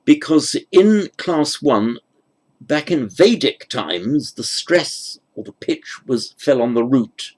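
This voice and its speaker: A man's voice: medium pitch, expressive, slow. A man giving a grammar lecture, thinking aloud with fillers and self-corrections. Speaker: teacher.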